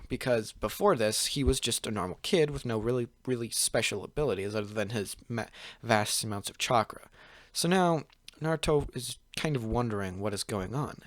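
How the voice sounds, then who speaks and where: A man's voice: mid-range voice, dry recording. Young man rambling through a fan story. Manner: rambling, full of "pretty much" and "like", frequent restarts. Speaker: channel host. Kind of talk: casual fan-fiction storytelling.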